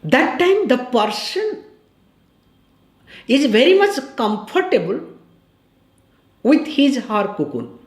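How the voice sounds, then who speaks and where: A woman with a high, light voice gives a spiritual teaching on scripture. She talks conversationally, pausing to check that her listeners follow and restating her key phrases. The sound is roomy, with a clear echo around her. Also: sing-song. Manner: corrects and repeats key phrases. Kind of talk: scripture discourse.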